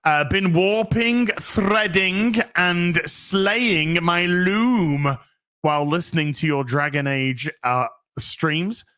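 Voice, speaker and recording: A man's voice: sits high, slow pace, pushed and bright, smooth. A man hosting a casual livestream, reading out chat messages and rambling with many restarts and frequent swearing. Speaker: streamer host reading chat.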